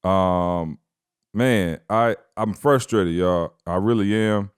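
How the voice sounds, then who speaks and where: A man's voice: deep voice, takes it slowly, clean tone, no echo, clean studio sound. A man co-hosting a casual podcast chat, talking in a laid-back, slangy way. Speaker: podcast co-host.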